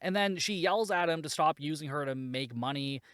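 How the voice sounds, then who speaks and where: A man's voice: a little high, normal speed, fairly bright tone, smooth, no room sound. Sarcastic, profane man with a dry sound. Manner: frequent filler "like". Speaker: podcast host. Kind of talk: casual movie recap and review.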